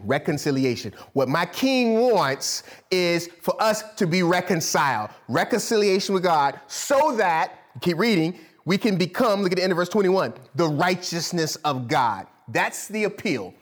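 A man preaching a sermon in a lively, conversational way, with laughs and asides. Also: fairly high pitch, moderate pace, hardly any pauses. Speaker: pastor.

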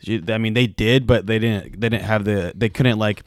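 A man's voice: fairly low pitch, moderate pace, no room sound, studio quality. A man chatting casually on a podcast, blunt and profane, often restarting his sentences. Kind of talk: casual chat.

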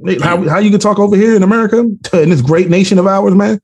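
A man trading casual banter on a podcast, firing off his words at a rapid clip. His voice is slightly husky and sits a little high. He talks loose and slangy, full of playful trash talk. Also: darkish tone. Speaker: podcast co-host. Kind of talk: casual chat.

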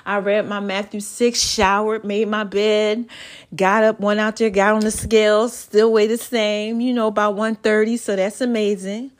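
A woman's voice: medium pitch, flat delivery, moderate pace. A tired woman hosting a podcast, rambling in casual chat and urging her listeners on like a preacher. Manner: rambling, folksy, exhorting. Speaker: podcast host.

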